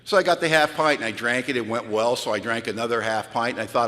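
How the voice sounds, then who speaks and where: A man's voice: medium pitch, quick pace, hardly any pauses, pushed and bright. A man giving a candid, self-mocking talk about his past to a live audience, telling it dramatically. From United States. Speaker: recovery speaker. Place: large hall. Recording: hall reverb from a live talk.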